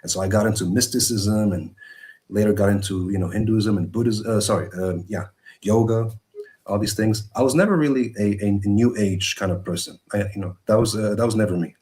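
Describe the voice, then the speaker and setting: Halting, earnest man on a video call. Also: on the low side, darkish tone. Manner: earnest, halting, many restarts. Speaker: guest. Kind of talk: personal testimony.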